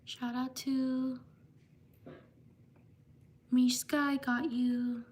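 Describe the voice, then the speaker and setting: High-voiced woman giving slow shout-outs. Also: little pitch movement. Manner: slow, repetitive name-reading. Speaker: livestream host.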